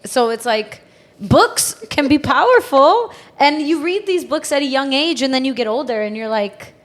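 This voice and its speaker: A woman's voice: sits high, animated, normal speed. A woman hosting a podcast, chatting casually and retelling book scenes with feeling. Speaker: podcast host. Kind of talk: casual chat.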